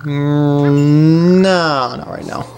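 This woman's voice sits low and a little mellow, with fairly even intonation and a very slow pace, plus a little hiss or hum. She offers playful, chatty let's play commentary, frequently speaking to characters on screen over faint game music.

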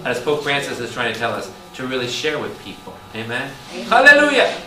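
Priest preaching in a roomy hall. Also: male voice, medium pitch, brisk. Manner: animated, calls out questions to the room. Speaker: priest teaching Bible study. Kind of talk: lively preaching to a congregation. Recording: roomy hall taped from a distance with noise.

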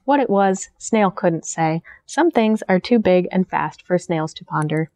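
A young woman who works as a children's librarian, reading a picture book aloud in a friendly, gentle, teacher-like way. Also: on the low side, animated, measured pace, dry recording. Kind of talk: storytime read-aloud for children.

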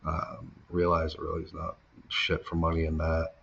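A man's voice: rumbling low, completely flat delivery, normal speed, vocal fry, a bit bright, dull audio, slight background noise. A man being interviewed, telling his story casually and with lots of swearing, acting out the people he quotes. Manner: casual, profane, filler-heavy storytelling; acts out quoted people, voice jumping up when heated. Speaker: interview guest.

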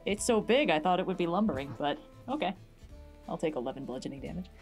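Animated, lower-voiced woman. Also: quick pace, soft background music. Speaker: player. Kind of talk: playing a tabletop game.

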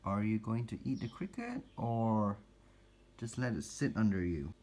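A man's voice: fairly low pitch, sing-song, a little slow, a little mellow. A man narrating a casual pet-keeping vlog, chatty and teasing his spiders as he feeds them. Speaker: reptile and spider keeper vlogger.

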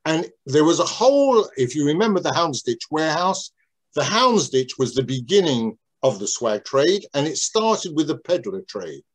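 A man's voice: a little high, big pitch swings, normal speed, breathy edge. An older man reminiscing in an interview about how he started in business, talking in a rambling, digressive way with many restarts.

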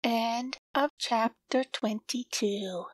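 A woman narrates a children's storybook at a slow, unhurried pace. Her voice sits a little high and sounds dry and close to the mic, with no room around it. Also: no echo, rough recording. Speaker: audiobook reader.

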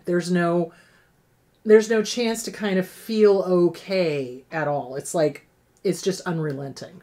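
A woman's voice: on the low side, darkish tone. A middle-aged woman therapist hosting an advice show, answering viewer questions in a frank, emphatic way that repeats key points.

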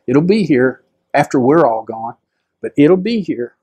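A man's voice: animated, a little slow, warm tone, breathy edge. A middle-aged male pastor, preaching conversationally and acting out the people in his story. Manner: conversational, acts out quoted voices with rising pitch. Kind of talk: storytelling sermon.

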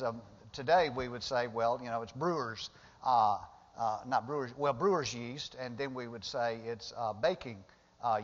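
A male pastor preaching a sermon in a church sanctuary, talking conversationally and rising to emphatic bursts when he retells the story. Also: medium pitch. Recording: dull lo-fi sound with long hall reverb.

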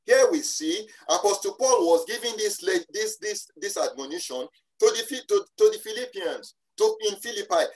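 A preacher giving a sermon at a church service, speaking emphatically and slowing down on key phrases, often repeating and restarting words. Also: medium pitch, animated, poor audio.

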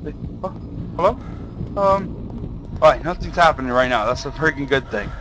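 A young man commentates a horror game in a casual, excitable way. His voice swings widely in pitch. He swears often and yelps or shouts when something startles him. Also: normal speed, noisy background. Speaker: gaming video host.

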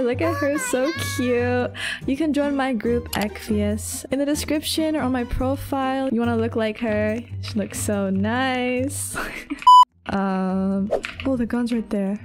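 A woman giving casual, excitable commentary over her own gameplay, laughing and exclaiming often. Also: fairly high pitch, unhurried, loud music behind the voice. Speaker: gaming YouTuber.

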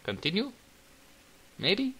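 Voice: medium pitch, huge pitch swings, slow pace, fairly bright tone, husky, poor audio. A gameplay commentator, playful and giggly, who talks as the cat in mock outrage and breaks into sing-song bits and meows. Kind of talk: let's play commentary.

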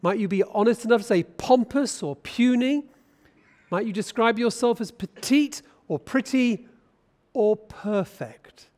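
High-voiced British bishop preaching. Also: male voice, measured pace, a little mellow. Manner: conversational, asks the congregation questions. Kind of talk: sermon.

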